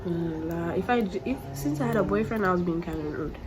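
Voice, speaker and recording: A woman's voice: on the low side, quick pace, over music. A young woman vlogger telling a story in casual chat, blunt and profane with lots of slang fillers. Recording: noisy home recording.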